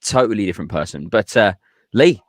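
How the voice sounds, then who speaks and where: A man's voice: lowish voice, expressive, a little fast, dry recording, clean studio sound. A man co-hosting a live chat, casual and agreeable with light banter. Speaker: co-host.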